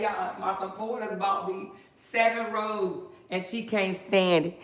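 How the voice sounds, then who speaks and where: A woman's voice: mid-range voice, steady tone, measured pace, few pauses, a little hiss or hum. A middle-aged woman on a casual livestream, reading out viewer comments with a sassy, laughing manner and talking straight to her viewers.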